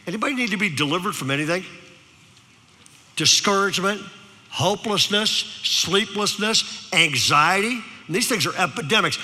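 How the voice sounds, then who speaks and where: A man's voice: high-pitched, moderate pace, long reverb tail. A male pastor preaching a sermon, telling a story and drawing in his audience. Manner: storytelling, animated, engages the audience.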